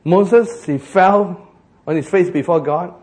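Animated male preacher with a Singaporean English accent, fairly high voice, jokey sermon delivery. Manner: animated, joking, slows for emphasis.

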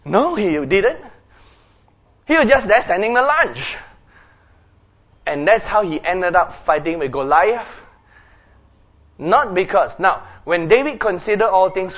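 High-voiced preacher telling a Bible story. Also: male voice, measured pace, pauses often, muffled recording. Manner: animated storytelling with sound effects and chuckles. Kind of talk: sermon.

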